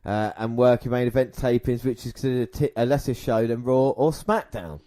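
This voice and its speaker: A man's voice: medium pitch, fairly quick, dark tone. A man co-hosting a podcast, chatting casually through the news, laughing often and tripping over words now and then. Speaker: podcast co-host.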